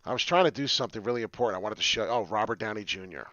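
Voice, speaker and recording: Rambling excitable man on a dull dry mic. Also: lowish voice, rapid-fire, dry recording. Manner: excitable, rambling, swears a lot. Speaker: crypto livestream host. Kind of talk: casual live chart talk.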